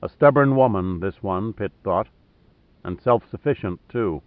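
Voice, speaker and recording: A man narrating a novel in a measured, even reading. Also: fairly low pitch, no room sound. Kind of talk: scripted audiobook narration. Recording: narrow phone-like sound.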